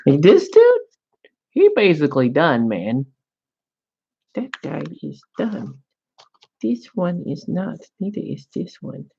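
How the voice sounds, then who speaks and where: A man's voice: fairly high pitch, sing-song, takes it slowly, vocal fry, long pauses, darkish tone, slightly rough, lo-fi sound. A man chatting casually while painting miniatures, laid-back and joking, swearing now and then.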